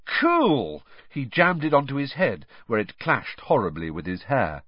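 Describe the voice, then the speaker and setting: Man, storybook narrator, animated delivery, dull dry recording. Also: medium pitch, moderate pace, slightly rough, dry recording. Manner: expressive storytelling. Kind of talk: audiobook reading with character voices.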